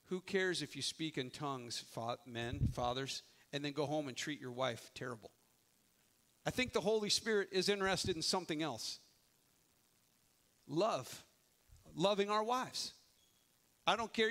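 Middle-aged man, pastor, sermon delivery, high voice with a bright edge, emphatic and conversational. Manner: conversational, emphatic preaching with frequent restarts.

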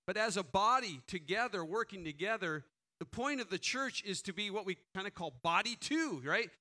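A man's voice: high-pitched, expressive. A man preaching a sermon as pastor, earnest and full of rhetorical questions, with frequent restarts. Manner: prays quietly and slowly.

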